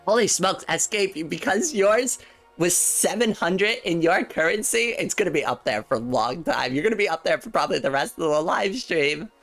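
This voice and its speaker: A woman's voice: lowish voice, animated, moderate pace, soft background music. A woman livestreamer in casual chat, talking straight to her viewers, giggling often and repeating words as she thinks.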